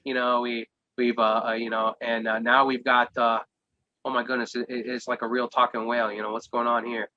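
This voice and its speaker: A man's voice: mid-range voice, flat delivery, fairly quick, no echo. A man talking casually on a podcast as a guest game master, hesitant and full of fillers and restarts. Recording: dull, dry lo-fi sound.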